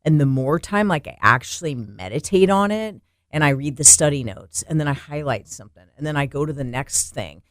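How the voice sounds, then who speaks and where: A woman co-hosts a faith and fitness talk show, speaking earnestly in a faith podcast conversation and building to emphatic declarations. Her low, expressive voice moves briskly with hardly any pauses, in studio-quality sound with no room sound.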